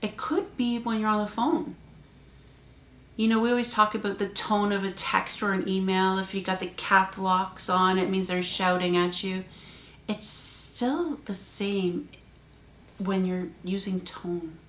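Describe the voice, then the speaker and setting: Expressive woman vlogger in a roomy space. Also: measured pace. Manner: expressive, varies pitch and loudness for emphasis. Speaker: channel host. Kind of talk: talking to camera in a vlog. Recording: roomy echo.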